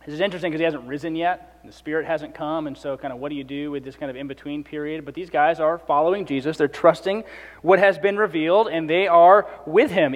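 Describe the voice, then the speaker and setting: Man, pastor, conversational sermon, high voice, long reverb. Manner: conversational, acts out the speakers in the passage.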